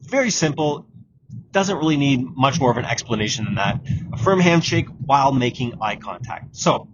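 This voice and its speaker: A man's voice: medium pitch, lively intonation, moderate pace. A man hosting a solo podcast, giving direct coaching advice and repeating key points. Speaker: exam prep podcast host. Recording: dull lo-fi audio with clear background noise.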